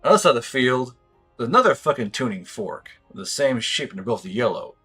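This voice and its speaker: A man's voice: mid-range voice, sing-song, fast, bright, forceful tone, slightly rough, soft background music. A man running a tabletop game as game master, describing scenes in a rambling, profane way with many fillers.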